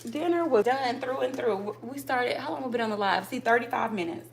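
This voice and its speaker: Cooking live from her home kitchen, a woman chats with her viewers and keeps calling out to them over the clatter of pots and dishes. Her voice is a little high, brisk and creaky, on a low-quality recording with slight background noise.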